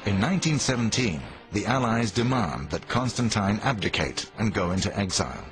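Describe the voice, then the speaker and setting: Lowish, lively male documentary narrator over a music bed. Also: moderate pace. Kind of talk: scripted narration.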